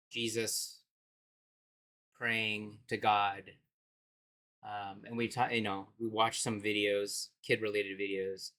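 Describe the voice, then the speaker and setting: A man's voice: on the low side, a bit bright. A man in his thirties telling personal stories in a casual, reflective way, with bursts of laughter. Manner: conversational and reflective, breaks into laughter. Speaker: speaker sharing life stories.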